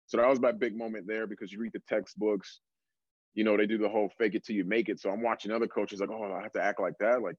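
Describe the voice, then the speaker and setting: A young adult man, a strength coach, telling stories in a relaxed casual way, full of fillers. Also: on the low side, no echo, dull audio. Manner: relaxed storytelling, many fillers like "like". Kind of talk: casual podcast conversation.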